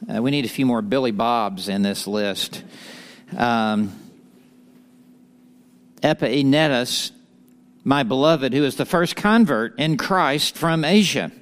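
Slow, smooth-voiced man leading Bible study. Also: mid-range voice. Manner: earnest, measured, with light joking asides. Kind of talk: prayer and Bible teaching to a men's group. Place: live morning gathering with an audience.

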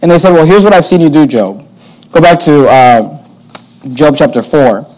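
A man's voice: on the high side, expressive, moderate pace, a little mellow, rough recording. A man preaching and teaching through a Bible passage, reading verses aloud and explaining them with emphatic repetition. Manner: emphatic, repeats phrases, reads scripture aloud.

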